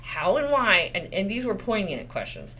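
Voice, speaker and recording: A Texan woman lawyer talks through a case in a loose, conversational way, cursing freely and tossing out rhetorical questions. Her pitch swings a lot, and a faint hiss sits under the recording. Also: sing-song, normal speed, fairly bright tone. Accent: Texas. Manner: candid, profane, rhetorical questions. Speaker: lawyer commentator. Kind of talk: casual legal commentary.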